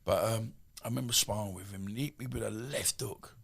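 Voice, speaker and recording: A man in his fifties with an Essex accent, telling stories as a podcast guest in a rambling, animated way with many asides. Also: on the low side, a little fast, creaky, husky. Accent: Essex English. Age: 50s. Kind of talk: casual storytelling.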